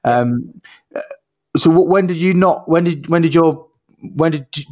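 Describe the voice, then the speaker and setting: A man's voice: fairly high pitch, normal speed, a little mellow. A man hosting a podcast, asking rambling questions with many restarts in a casual way. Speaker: podcast host. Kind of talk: casual conversational interview.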